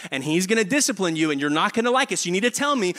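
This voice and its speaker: A man's voice: high voice, sing-song, very fast, pushed and bright, heavily acted. Stern scolding mom, as a man puts her on. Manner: scolding, threatening. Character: stern scolding mother in a kitchen.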